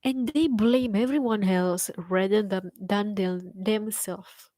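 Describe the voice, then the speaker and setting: A woman's voice: mid-range voice, slow, dark tone, no room sound, rough recording. A young adult woman hosting a solo podcast, ranting bluntly and scornfully with heavy profanity and emphatic repetition. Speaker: podcast host. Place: bedroom with an open window.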